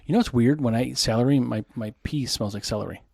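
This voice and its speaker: A man's voice: mid-range voice, quick pace, creaky, a little mellow. A man co-hosting a beer podcast, joking crudely and laughing at his own gags in casual banter. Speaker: podcast co-host.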